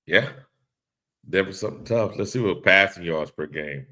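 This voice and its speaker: A man's voice: sits low, moderate pace, sharp tone. A man hosting a casual live-stream podcast, reading chat comments aloud and laughing along in a laid-back way.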